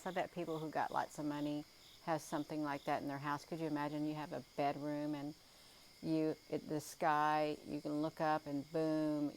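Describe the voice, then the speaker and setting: A woman's voice: deep voice, a little hiss or hum, poor audio. A tired woman chatting live outdoors at night, rambling with many ums and calling her viewers "you all". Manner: rambling, full of ums and uhs. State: tired, yawning. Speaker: livestream host. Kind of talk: casual live sky-watching chat.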